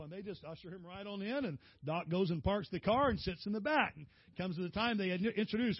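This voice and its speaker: Folksy storytelling preacher, husky voice. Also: male voice, brisk, dry recording, muffled recording. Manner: folksy, animated storytelling, pitching up for quoted voices. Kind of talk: storytelling sermon.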